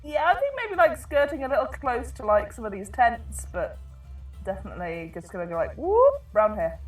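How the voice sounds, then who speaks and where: A woman's voice: fairly high pitch, wildly swooping pitch, moderate pace, reverberant, soft background music. Chatty woman player, distant mic. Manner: chatty, humming to herself while moving. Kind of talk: casual tabletop game chat.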